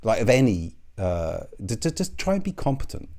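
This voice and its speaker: A man's voice: mid-range voice, big pitch swings, moderate pace, mellow. A man rambling sarcastically in a monologue, swearing freely and chuckling between jabs. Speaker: commentary video host.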